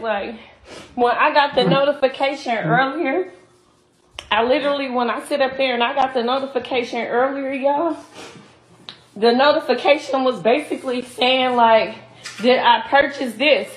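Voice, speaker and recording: A woman's voice: high-pitched, normal speed. Upset woman venting in an echoey room. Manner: upset, repetitive, talks to viewers directly. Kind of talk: casual venting to camera. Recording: echoey room with loud noise.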